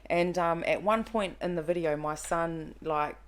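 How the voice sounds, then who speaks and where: A woman in her thirties talks on a casual podcast, her voice sitting low. She tells a personal story with animation and acts out the quotes along the way. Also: a little slow. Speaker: podcast guest.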